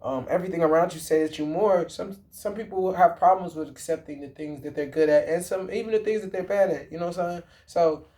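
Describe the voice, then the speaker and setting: A vlogger with a somewhat high, mellow and warm voice talks casually about movies to his viewers. He's brisk with hardly any pauses, rambling, restarting sentences and correcting himself. Slang, swearing and frequent fillers pepper his speech.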